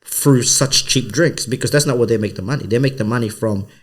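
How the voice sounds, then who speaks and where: A man telling a tale on a podcast, bringing it to life by jumping into the voices of everyone involved. His voice sits at an ordinary middle pitch and he talks with a comedian's loose, conversational flow. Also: fairly quick. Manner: animated storyteller who acts out the voices of others. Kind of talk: casual storytelling chat.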